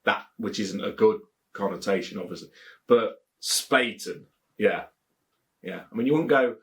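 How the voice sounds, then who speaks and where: Rambling Leicestershire man, low voice. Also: measured pace, fairly bright tone. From England. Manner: rambling and jokey, repeats phrases. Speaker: beer reviewer. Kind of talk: casual chat to camera.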